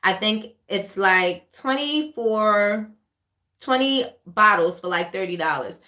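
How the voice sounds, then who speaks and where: A woman with a New York accent hosts a relaxed livestream Q&A, her voice bright and forward. She talks in a loose, chatty way, repeats phrases, and reads viewer comments aloud between tips. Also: medium pitch, slow, echoey room. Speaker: livestream host, candle maker. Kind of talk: casual livestream Q&A. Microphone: webcam or phone livestream.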